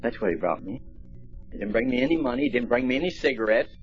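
A man's voice: medium pitch, huge pitch swings, quick pace, gravelly. Folksy man giving a recovery talk. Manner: folksy storytelling, plainspoken. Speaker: speaker at a recovery meeting. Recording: dull lo-fi recording, faint music.

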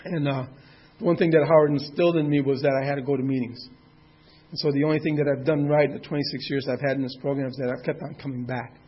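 Talking fast with fairly even intonation, a sixties-aged man offers his personal testimony at a recovery meeting, plainspoken and candid, with a mild curse here and there. His mid-range voice is husky, and the sound is lo-fi.

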